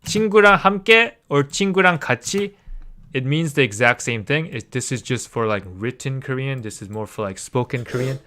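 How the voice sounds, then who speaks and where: A man's voice: medium pitch, fairly quick, hardly any pauses, a bit bright. A young man from Canada, teaching Korean in a casual, chatty livestream and laughing often. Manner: chatty, laughs often, reads chat aloud.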